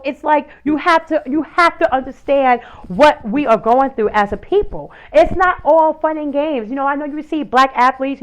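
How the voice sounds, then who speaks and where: A woman's voice: high-pitched, muffled recording. Impassioned woman hosting a talk show. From United States. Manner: impassioned, rhetorical questions, many fillers. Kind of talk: passionate opinion monologue.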